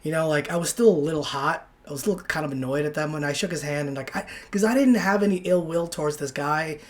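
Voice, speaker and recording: A man's voice: a little high, fast talker. A young man from Texas hosting a solo podcast, telling a rambling story with many restarts and casual swearing. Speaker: podcast host.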